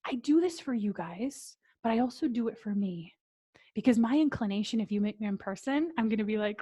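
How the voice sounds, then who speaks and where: Speaking slowly and calmly on purpose, a female business coach runs a training. She has a mid-range voice and lets out breathy sighs, sometimes dropping into soft whispers.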